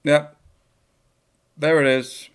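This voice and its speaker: A man's voice: a little high, flat delivery, very slow, clear, resonant tone. A young man chatting casually and joking while he reacts live to a football match on a home stream. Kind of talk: live match watchalong chat.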